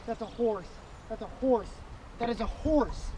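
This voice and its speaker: A young man vlogging from a small boat on a lake, excitable and repetitive, talking straight to the fish while fishing. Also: high voice, moderate pace. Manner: excitable, repeats himself, talks to the fish. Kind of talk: excited on-the-water commentary. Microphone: action camera on his chest. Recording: outdoor lake noise.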